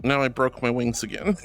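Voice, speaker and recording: A young woman streamer chatting playfully with her viewers, giggling often, with faint music behind her. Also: rumbling low. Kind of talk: casual live-stream chat.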